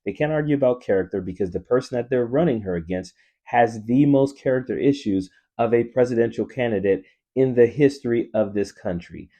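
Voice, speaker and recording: A man's voice: mid-range voice, a little fast, dark tone. A man in his fifties from Louisiana, a coach and teacher giving earnest, emphatic opinion commentary straight to his viewers. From New Orleans, Louisiana. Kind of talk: casual opinion commentary to camera.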